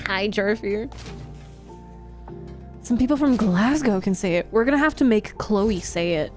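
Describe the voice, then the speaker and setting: A woman's voice: mid-range voice, expressive, a little slow, a little mellow, soft background music. A young woman live streamer chatting casually with her audience, laughing often and reacting to chat.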